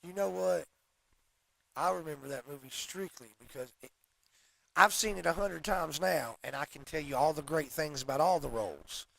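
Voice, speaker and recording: A man's voice: fairly high pitch, normal speed, gravelly, a bit bright, dry recording. A man co-hosting a casual talk show, joking and laughing along with his friend. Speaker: podcast co-host. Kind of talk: casual chat.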